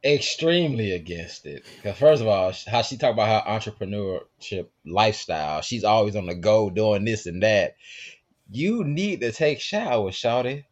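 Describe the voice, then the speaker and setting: Blunt, low-voiced podcast co-host. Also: male voice, expressive, moderate pace, few pauses, dull audio. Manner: blunt, emphatic. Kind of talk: casual podcast banter.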